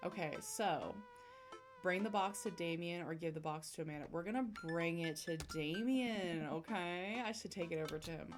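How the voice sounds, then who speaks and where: A woman's voice: on the low side, moderate pace. A young woman streaming a dating game, reading its dialogue aloud in voices and reacting between lines. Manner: animated, giggly, voices the game characters. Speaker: streamer playing a dating sim. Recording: music playing behind.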